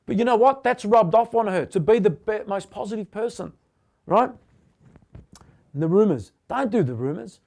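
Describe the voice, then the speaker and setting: Punchy high-voiced motivational man. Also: animated, normal speed, vocal fry, darkish tone. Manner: punchy, blunt, repeats short commands. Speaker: motivational host. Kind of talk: motivational talk answering viewer questions.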